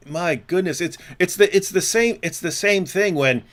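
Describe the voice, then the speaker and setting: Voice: mid-range voice, moderate pace, hardly any pauses. An interview host asking rambling, hesitant questions and giving scornful commentary.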